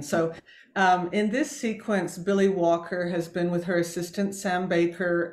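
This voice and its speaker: Woman author reading her novel aloud in an echoey room. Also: fairly low pitch. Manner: measured, expressive reading with some slips.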